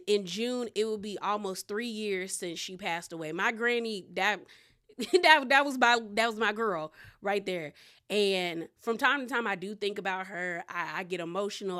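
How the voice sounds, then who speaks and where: A woman's voice: mid-range voice, bright, forceful tone. A woman from the Southern US with a Southern accent, recapping a reality TV episode in a chatty way and acting out quotes with voices. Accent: Southern American. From Southern United States.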